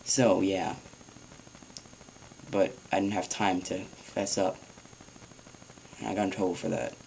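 A teenage boy giving casual advice in a rambling home vlog, swearing offhandedly and filling pauses with ums. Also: sits low, flat delivery, vocal fry, darkish tone, a little hiss or hum, poor audio. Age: teens. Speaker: vlogger.

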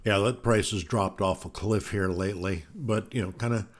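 A man's voice: on the low side, steady tone, moderate pace. A man co-hosting a casual live stream, chatting in an easygoing, drawling way. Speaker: co-host.

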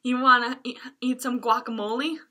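A woman's voice: a little high, fairly even intonation, moderate pace, sharp tone. A young woman librarian reading a picture book aloud to small children in a playful sing-song way, making animal sounds and singing.

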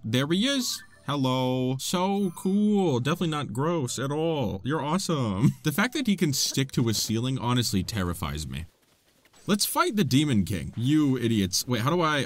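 A man giving playful, excitable gameplay commentary as a gaming YouTuber, chatting to the monsters on screen. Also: medium pitch.

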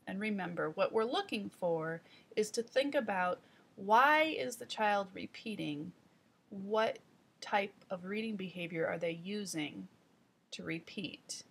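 A woman teaching trainees in an instructional voice-over, explaining deliberately and speaking straight to the viewer. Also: mid-range voice, slightly rough.

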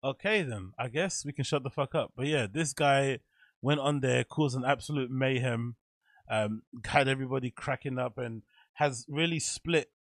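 A man's voice: medium pitch, moderate pace, dry recording, studio quality. A man streaming casual reaction commentary, incredulous and laughing often.

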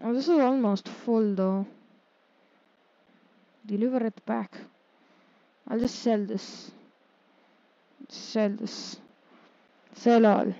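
Woman gamer, slow muttering commentary, mellow low-key tone, dry dull mic. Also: fairly even intonation, dry recording. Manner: muttering to herself, easily exasperated. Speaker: gaming streamer. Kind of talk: casual gameplay commentary.

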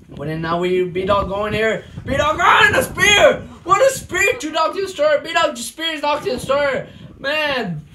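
A man giving excitable amateur wrestling play-by-play commentary, breaking into shouts at the big moves. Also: extremely high pitch, slight background noise. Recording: distant mic with loud music behind.

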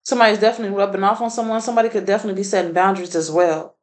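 A woman's voice: mid-range voice, fairly even intonation, racing, rough recording. A woman doing a casual tarot reading, blunt and profane, laughing often. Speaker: tarot reader.

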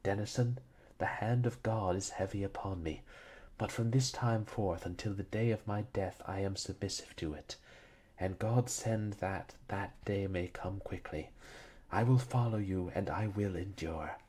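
Guy doing a stern grieving lord, husky and formal. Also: low-pitched, measured pace, a little mellow. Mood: anguished. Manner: grave, formal, pleading. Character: grieving stern aristocratic widower, restrained.

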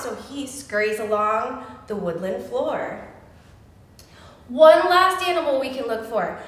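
Lively high-voiced woman reading to kids. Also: slow. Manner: animated, sing-song, playful with young kids. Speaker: children's librarian. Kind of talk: virtual story time for children. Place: library room. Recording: echoey room with long reverb.

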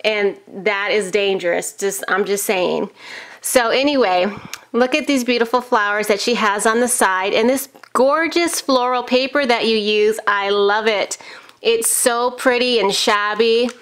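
A woman's voice: mid-range voice, measured pace, fairly bright tone. A woman in her thirties, a crafting video host, chatting casually and gushing with enthusiasm while she unboxes a package. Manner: gushing, enthusiastic, frequent gasps. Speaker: crafting YouTuber.

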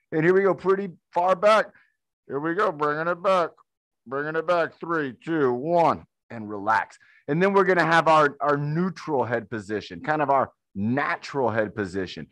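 A man's voice: a little high, fairly bright tone, no room sound. Upbeat man leading a neck workout. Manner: upbeat, encouraging, demonstrates while talking. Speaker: fitness instructor. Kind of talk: guided workout instruction.

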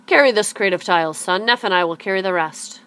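A woman's voice: medium pitch, fairly quick, fairly bright tone, lightly acted. A woman voicing a stern, busy father in a read-aloud storybook.

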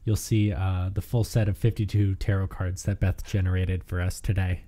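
A woman's voice: very deep voice, level tone, normal speed, warm tone. A woman playing a tabletop game, chatty with many fillers. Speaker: player. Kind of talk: casual chat in a tabletop game.

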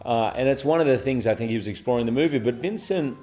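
Australian man, forties, actor guest, relaxed, chuckling, faint music behind. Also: medium pitch, quick pace. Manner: relaxed, good-humoured, chuckling. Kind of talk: press junket interview.

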